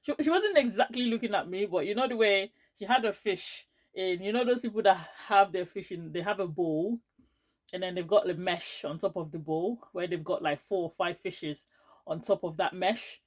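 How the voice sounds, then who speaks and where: A woman from Edo State with a Nigerian accent, telling a storytime vlog in a lively, expressive way. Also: lowish voice, moderate pace. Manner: lively, expressive, rising to anger as she tells it. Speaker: vlogger.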